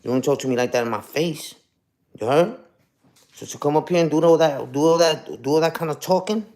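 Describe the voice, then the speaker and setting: A man's voice: on the high side, fairly quick, darkish tone. A young man ranting on a casual livestream, profane and combative, ending lines with "you heard?". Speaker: streamer.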